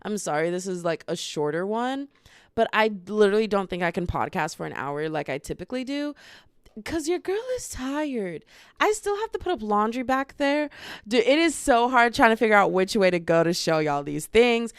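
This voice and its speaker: A woman's voice: medium pitch, big pitch swings, brisk, smooth, dry recording, studio quality. Bubbly rambling young woman. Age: 20s. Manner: bubbly, rambling, self-mocking, bursts into loud singing. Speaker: podcast host. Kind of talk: casual vlog chat. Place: home room with bookshelf. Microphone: handheld small camera.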